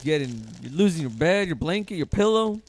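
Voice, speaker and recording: A man's voice: on the high side, sing-song, fairly quick, no echo. A man co-hosting a casual movie podcast, talking in a laid-back, slangy way. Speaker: podcast co-host. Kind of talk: casual movie review chat.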